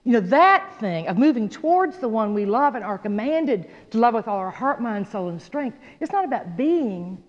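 Woman, Bible study teacher, animated and folksy, higher voice, long reverb, muffled sound. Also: moderate pace, hardly any pauses. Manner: animated, folksy, asks listeners "okay?". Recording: dull sound in a reverberant hall.

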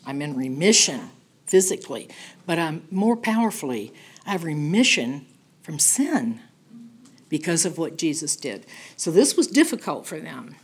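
A middle-aged woman teaching a Bible study in an animated, emphatic, conversational way, often checking in with "okay?". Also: low-pitched, measured pace, breathy edge.

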